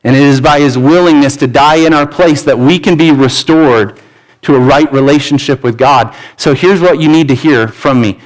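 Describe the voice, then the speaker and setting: A man's voice: a little high, moderate pace, rough recording. A pastor preaching a sermon in a church, earnest and pleading, often restarting his words. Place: church sanctuary.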